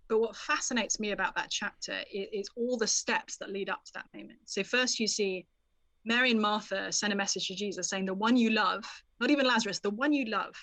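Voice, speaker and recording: A woman author, a podcast guest, explaining a Bible passage in an animated, storytelling manner. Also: medium pitch, no room sound. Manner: animated storyteller, quotes scripture expressively. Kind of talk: conversational Bible teaching.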